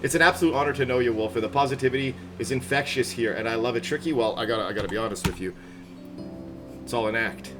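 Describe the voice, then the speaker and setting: A man's voice: medium pitch, fast talker. A man chatting casually on a live game stream, upbeat and rambling, laughing often. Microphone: headset. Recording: background music playing loudly. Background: music.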